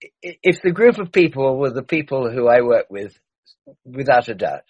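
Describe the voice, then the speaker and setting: Earnest husky man, muffled and distant. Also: mid-range voice, big pitch swings, normal speed, a little mellow, dry recording.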